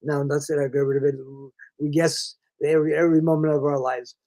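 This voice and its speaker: A man's voice: a little high, level tone, fairly quick, mellow, low-quality recording. An older man, a reading specialist, explaining in a folksy conversational way, calling the listener "friend" and restarting his sentences often.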